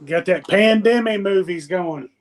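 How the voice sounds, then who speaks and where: Male co-host, high lively voice, slow wry one-liners. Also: a crowd in the background. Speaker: podcast co-host. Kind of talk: casual podcast chat.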